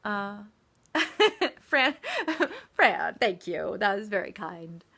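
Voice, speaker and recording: A woman's voice: medium pitch, big pitch swings, very slow, bright, forceful tone, slightly rough. An American woman, an author, chatting casually in a live-stream Q&A, often laughing and joking about herself. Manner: giggly, self-deprecating, chatty.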